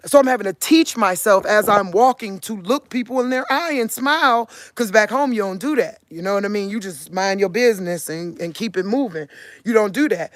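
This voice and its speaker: A woman's voice: medium pitch, a little fast, no echo. A woman in her forties from Cleveland with a country Midwestern drawl, talking earnestly to her viewers in a casual monologue. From Cleveland, Ohio. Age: 40s. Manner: earnest, talks in a drawl, keeps asking "you get what I'm saying?". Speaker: vlogger.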